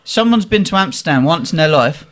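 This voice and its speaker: A man's voice: fairly high pitch, fairly quick. A man, a podcast host telling stories in casual chat and acting out the people he quotes. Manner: animated, acts out quotes in voices.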